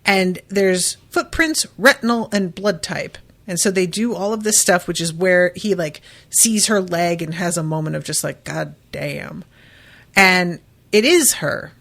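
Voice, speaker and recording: A woman's voice: on the low side, unhurried, fairly bright tone. A woman hosting a podcast, recapping a book in a loose, chatty way with lots of fillers and casual swearing. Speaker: podcast host.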